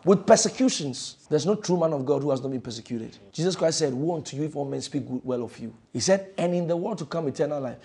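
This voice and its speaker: A male pastor preaching a fervent sermon in a church, repeating phrases and swinging between loud declarations and hushed lines. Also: a little high, expressive, fairly quick, gravelly, husky.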